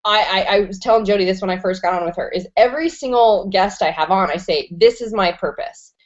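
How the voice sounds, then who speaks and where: A woman's voice: medium pitch, fast talker, highs cut off. A woman hosting an online interview show, enthusiastic and slangy, swearing freely and rambling as she talks. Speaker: host.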